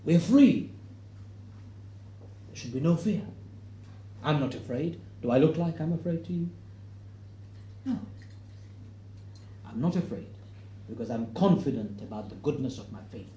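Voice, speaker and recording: Middle-aged guy telling a story to a crowd in a hall, acts out the voices, gets loud on the big points, mellow tone, lots of room echo. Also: a little high, expressive, a little slow, long pauses, slight background noise. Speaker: speaker giving a talk to an audience. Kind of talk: storytelling public talk. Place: hall with an audience.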